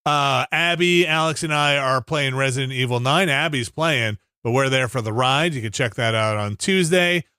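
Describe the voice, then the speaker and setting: A man hosting a podcast in casual chat, telling stories with lively acted-out quotes. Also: medium pitch, moderate pace, few pauses, clear, resonant tone, no room sound, studio quality. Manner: animated storyteller, acts out quoted lines. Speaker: podcast host.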